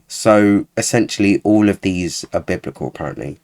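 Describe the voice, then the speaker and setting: A man's voice: lowish voice, expressive, a little fast, darkish tone. A man giving casual, sarcastic reaction commentary as a YouTuber, sounding exasperated.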